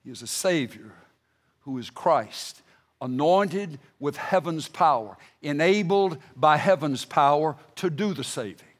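A middle-aged man preaching a sermon, emphatic, rising to loud bursts and then dropping low and quiet when he reads scripture.

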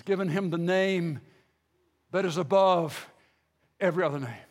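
A man preaching a sermon in a strikingly high voice, pressing his points by repeating phrases and stumbling into quick restarts. His delivery swings from loud, urgent outbursts down to quiet, hushed lines. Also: animated, long reverb tail. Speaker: pastor.

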